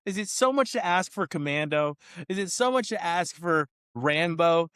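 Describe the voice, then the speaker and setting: High-pitched male co-host, ranting and exasperated, dry close mic; casual podcast review. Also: animated, normal speed, fairly bright tone, clear, resonant tone, no room sound. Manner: ranting, exasperated, quotes lines in mocking voices. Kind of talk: casual movie review chat.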